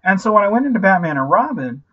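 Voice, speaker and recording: A man in his thirties giving a casual, ranting movie review, animated and profane, constantly saying "like" and "you know". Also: high-pitched, fast talker, muffled recording. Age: 30s.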